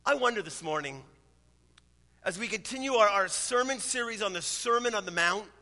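A man's voice: sits high, lively intonation, moderate pace, pushed and bright, in a large hall. A man in his thirties, a pastor preaching a sermon in a conversational, storytelling way. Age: 30s.

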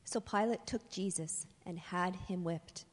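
A woman reading a scripture passage aloud in an even, unhurried way. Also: on the low side, long reverb tail. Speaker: scripture reader.

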